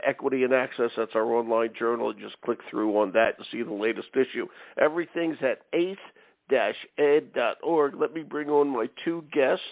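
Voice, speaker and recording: Gravelly guy hosting a radio talk show, chatty and jokey, thin dry phone-line sound. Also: medium pitch, no echo. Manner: jokey, chatty, repeats "okay".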